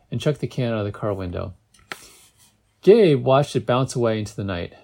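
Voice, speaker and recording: A man's voice: mid-range voice, a little mellow. A man reading a novel aloud in a casual way, with joking asides and small stumbles. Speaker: reader.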